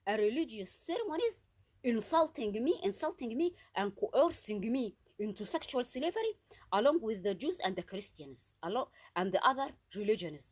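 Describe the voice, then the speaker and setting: Husky-voiced woman in an agitated monologue. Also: mid-range voice, very animated, brisk. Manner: agitated and accusatory, with frequent restarts and repetitions. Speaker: vlogger. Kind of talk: unscripted solo monologue.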